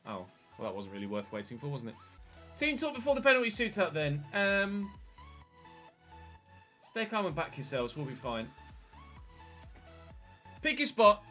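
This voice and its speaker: Man, gaming commentary, chatty, excitable, bright, faint background music. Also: on the high side, normal speed, long pauses. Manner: chatty, bursts into excited shouts at big moments. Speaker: gaming channel host. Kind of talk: casual game commentary.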